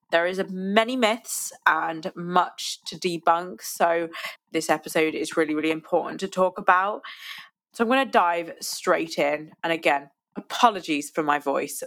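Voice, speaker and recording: A woman's voice: deep voice, fairly bright tone. A young woman hosting a podcast as a recovery coach, talking casually with fillers, her voice nasal from a cold. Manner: chatty, self-deprecating, with fillers and restarts. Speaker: eating disorder recovery coach and podcast host.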